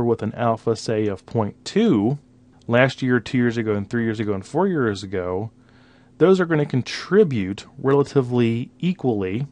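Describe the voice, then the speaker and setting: A man gives a recorded slide lecture, pitched in the middle range for a man. He talks patiently and explains the numbers one step at a time. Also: a little mellow. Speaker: instructor.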